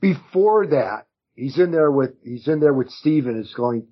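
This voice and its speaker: A man co-hosting a podcast, recapping a TV show in casual, animated chat and acting out quotes with some swearing. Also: mid-range voice, a little slow, breathy edge. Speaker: podcast co-host. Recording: muffled lo-fi audio.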